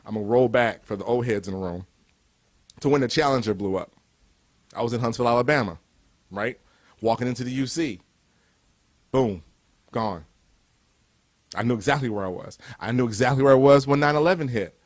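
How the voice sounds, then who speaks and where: A man's voice: medium pitch, brisk, pauses often. Emphatic motivational speaker, a man. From Cleveland, USA. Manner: emphatic, repetitive rhetorical build-ups. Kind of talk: recorded motivational speech.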